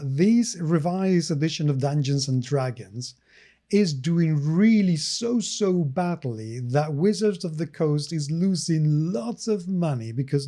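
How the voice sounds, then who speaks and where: A man co-hosting a casual gaming podcast, his voice pitched a little high and warm in tone. He talks with a sarcastic edge and keeps breaking into laughter. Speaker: podcast co-host.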